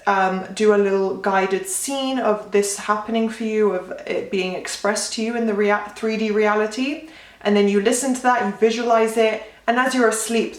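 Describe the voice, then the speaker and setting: A woman's voice: mid-range voice, distant mic. A young woman giving casual advice as a manifestation coach, chatty and full of fillers. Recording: roomy echo, voice set back from mic.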